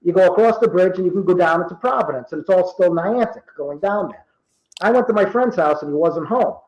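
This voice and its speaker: A man in his fifties from Rhode Island, telling true stories in casual talk and acting out the quoted dialogue with lively energy. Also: sits high, fairly quick, reverberant, rough recording. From Rhode Island, USA. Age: 50s. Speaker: guest. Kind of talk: casual storytelling.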